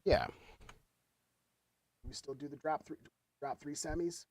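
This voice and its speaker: A man's voice: fairly high pitch, a little slow, darkish tone, slightly rough, no room sound. A man chatting loosely and profanely while producing music on a studio mic. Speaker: music producer streaming a session. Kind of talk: casual chat while producing. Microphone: dynamic studio mic.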